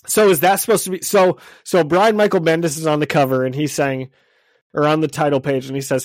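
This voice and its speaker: A man's voice: a little high, steady tone, brisk, no room sound. A congested man co-hosting a casual comic book podcast, chatty and self-deprecating, often laughing. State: congested from illness. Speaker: podcast co-host.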